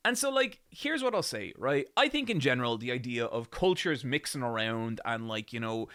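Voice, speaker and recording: A man's voice: mid-range voice, big pitch swings, moderate pace, bright, forceful tone, soft background music. An Irish man hosting a commentary video, talking animatedly and swearing as he riffs with restarts. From Ireland. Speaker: video essay host. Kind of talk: casual commentary.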